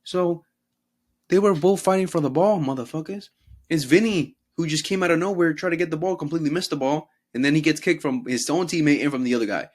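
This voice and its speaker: A man's voice: on the high side, a little fast. A young man hosting a casual football talk show, swearing freely and mocking players in put-on voices. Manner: profane, animated, mocks players in put-on voices. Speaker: podcast host.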